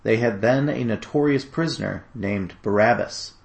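Gravelly low-voiced man narrating scripture. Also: normal speed. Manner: steady, solemn storytelling. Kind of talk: dramatic scripture reading.

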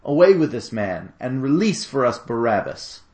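A man voicing an angry crowd, calling out slow, emphatic demands in a dramatic scripture reading. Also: medium pitch, sing-song, darkish tone, reverberant, natural voice. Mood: demanding.

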